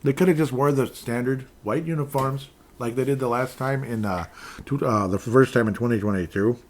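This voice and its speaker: A man's voice: medium pitch, moderate pace. A man hosting a sports podcast, chatting loosely and reading out listener comments. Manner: rambling, chatty, with restarts and laughs. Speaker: podcast host.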